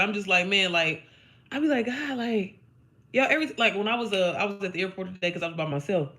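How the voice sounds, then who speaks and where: A woman's voice: mid-range voice, fast, pushed and bright. A young woman from Indiana giving a blunt, profane, emphatic motivational talk to her followers, chatty and full of fillers. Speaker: online business coach.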